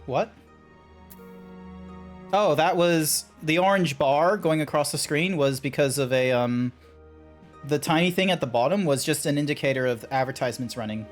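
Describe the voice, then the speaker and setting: A man's voice: fairly high pitch, normal speed, faint music behind. A man streaming a game, talking in a rambling, chatty way with lots of fillers. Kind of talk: casual live-stream chat.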